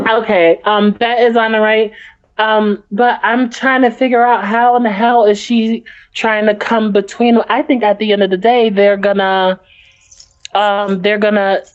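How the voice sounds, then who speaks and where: A woman co-hosting a podcast, chatting casually about a TV episode and rambling through her notes with lots of fillers. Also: medium pitch. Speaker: podcast co-host. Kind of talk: casual TV recap chat. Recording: muffled lo-fi audio.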